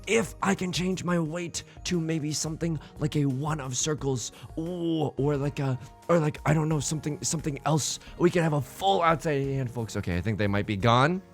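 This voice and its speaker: A young man giving casual, playful commentary while he plays an online game, with jokey asides and sudden excited jumps. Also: on the high side, moderate pace, creaky, hardly any pauses, faint music behind. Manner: drops to a stage whisper at times. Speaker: let's play streamer.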